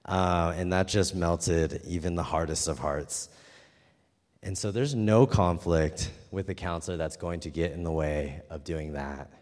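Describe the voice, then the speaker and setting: A man's voice: deep voice, a little mellow. A man preaching a sermon, telling a personal story in an earnest, emphatic way. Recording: long hall reverb.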